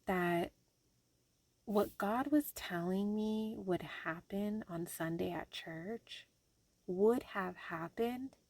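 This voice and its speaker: A woman's voice: medium pitch, slow, darkish tone, no room sound. A young adult woman speaking candidly in a personal diary vlog, telling a story with a loose, rambling flow full of fillers. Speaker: vlogger.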